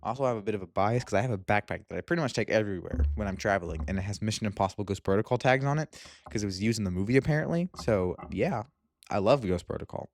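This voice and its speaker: A young man reviewing movies in a casual vlog, excitable and gushing, with lots of fillers. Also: on the low side, racing. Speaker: movie vlogger.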